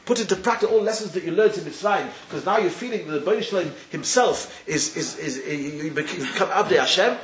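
A man a fairly high voice tells a Torah story in full of words, talking in quick bursts. He rambles, repeats himself and acts out what the characters say. The room is echoey, a faint hiss behind him. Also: lively intonation. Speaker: rabbi giving a talk.

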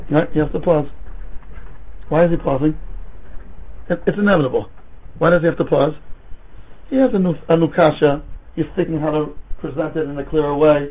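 High, husky-voiced man teaching Talmud. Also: moderate pace, pauses often. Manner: animated, mixes Hebrew and Yiddish terms into English. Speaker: rabbi teaching a Talmud class. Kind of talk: lecture with rhetorical questions and stories. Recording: tinny phone-like recording.

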